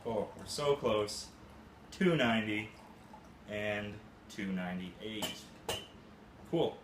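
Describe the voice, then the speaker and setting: Man, lowish voice, playful how-to host, echoey home room. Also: animated, slow pace. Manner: playful, goofy catchphrases. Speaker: coffee-brewing demonstrator. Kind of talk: casual how-to demonstration. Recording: roomy room with faint ambient hum.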